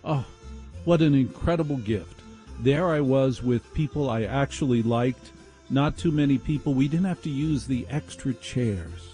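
A man's voice: medium pitch, unhurried, dark tone, soft background music. Sardonic male radio host. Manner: sardonic, playful. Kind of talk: comedic radio monologue. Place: laundry room. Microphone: video call.

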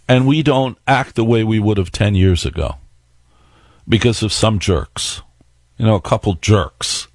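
A man's voice: on the low side, gravelly, dry recording, clean studio sound. A man hosting a radio talk show, telling a story and asking listeners rhetorical questions. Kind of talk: radio monologue.

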